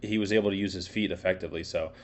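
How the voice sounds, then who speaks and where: A man's voice: low-pitched, steady tone, racing. A man co-hosting a podcast, chatting casually about football in a laid-back, rambling way. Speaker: podcast co-host. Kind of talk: casual sports chat.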